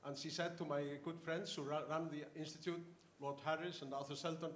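An older man from Iceland, a professor telling anecdotes in an interview, halting with many fillers and restarts. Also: on the high side, level tone. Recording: echoey room, faint ambience.

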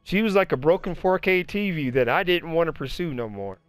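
A man telling profane, animated stories in casual chat while playing a video game. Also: fairly high pitch, brisk, smooth, no room sound, faint music behind. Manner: profane, animated storytelling, acts out other people's voices. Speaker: gamer chatting while playing. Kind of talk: casual chat over gameplay.

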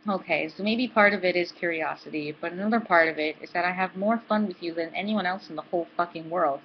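A woman's voice: on the low side, fast, a little hiss or hum, close to an everyday voice. A woman reading aloud as a brash young college woman who talks bluntly and swears freely, on a dull, lo-fi recording. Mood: tender. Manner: blunt and profane.

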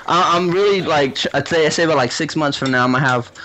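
A man's voice: on the high side, fast, sharp tone, a little hiss or hum, rough recording. A man bantering casually on a gaming podcast, joking and mocking himself. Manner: joking, self-mocking, laughs often.

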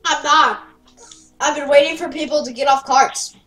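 A woman chatting excitedly while playing a game, often gasping and giggling. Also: high voice, moderate pace, recorded from a distance, poor audio. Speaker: Roblox player. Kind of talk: casual gameplay chat.

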